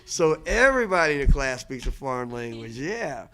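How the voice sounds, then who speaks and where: A man's voice: medium pitch, very animated, moderate pace, bright, forceful tone. Earnest man giving a casual lecture. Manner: conversational, repetitive restarts, earnest. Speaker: language teacher and lecturer. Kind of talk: casual lecture answering questions.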